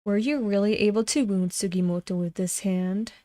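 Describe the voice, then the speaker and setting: A woman's voice: mid-range voice, normal speed, dark tone, no room sound, studio quality. A young adult woman reading a comic aloud at home, voicing every part herself and breaking off to react. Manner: reads all parts herself, breaks off to gush and laugh. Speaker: webcomic reader.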